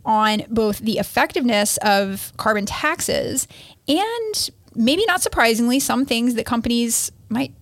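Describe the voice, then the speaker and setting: A woman's voice: fairly high pitch, lively intonation, measured pace, no room sound. A woman co-hosting a podcast, explaining topics in an upbeat, casual way. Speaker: podcast co-host.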